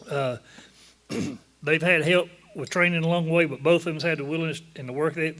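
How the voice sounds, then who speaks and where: A man's voice: fairly high pitch, sharp tone. A man with a Southern US accent, a sheriff's office officer presenting an award in a folksy, joking, plain-spoken way. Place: luncheon event room.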